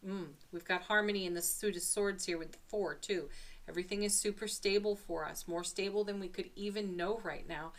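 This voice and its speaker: A woman doing a spiritual tarot reading to camera, gentle and enthusiastic, with soft laughs between cards. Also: mid-range voice, fairly even intonation, brisk. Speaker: tarot card reader.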